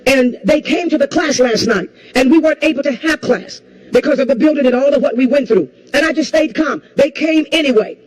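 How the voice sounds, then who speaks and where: A woman's voice: sits high, fairly quick, rough recording. Impassioned woman preacher, repeating lines. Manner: impassioned, repeats lines and asks the crowd if they hear her; rises to shouts and a crying tone at peaks. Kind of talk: sermon.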